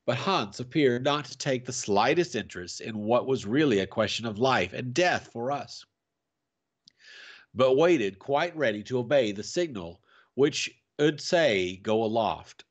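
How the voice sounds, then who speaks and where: A man reading a classic adventure novel aloud for families, with a dramatic, expressive delivery. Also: mid-range voice. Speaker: storyteller.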